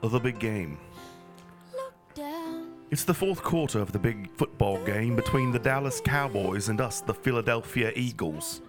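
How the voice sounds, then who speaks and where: A man's voice: mid-range voice, animated, a little slow, close to an everyday voice. A man reading a silly story aloud in a put-on British accent, laughing as he goes, with music behind him. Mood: giddy. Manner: reading aloud while breaking into giggles.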